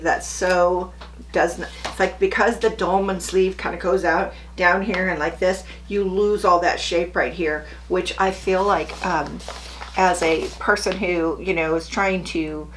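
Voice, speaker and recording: A middle-aged woman talks casually to her camera as a sewing vlogger, chirpy and a little self-deprecating. A faint hum sits quietly behind her voice. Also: lowish voice.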